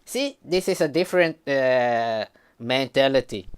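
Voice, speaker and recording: A man's voice: medium pitch, expressive, unhurried, clear, resonant tone. A man from Suriname, giving a heated, emphatic commentary vlog.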